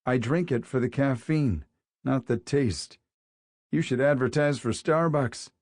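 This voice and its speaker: A man's voice: medium pitch, measured pace, a little mellow, no echo. Man playing a grumbling schoolteacher, irritable, muttering, dry close audiobook sound. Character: grumpy male teacher in a foul morning mood. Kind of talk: audiobook character voice.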